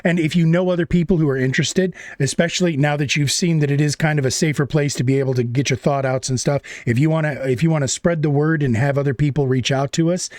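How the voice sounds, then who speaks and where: A man's voice: a little high, a little mellow, no echo, studio quality. A man hosting an online debate, wrapping up the night in a rambling, casual way, swearing freely and praising the players. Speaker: debate moderator. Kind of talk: casual wrap-up chat.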